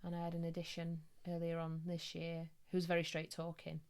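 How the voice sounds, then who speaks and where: A woman, a psychic medium, chatting casually on a podcast and telling stories with quick bursts of laughter. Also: fairly low pitch, completely flat delivery, a little mellow.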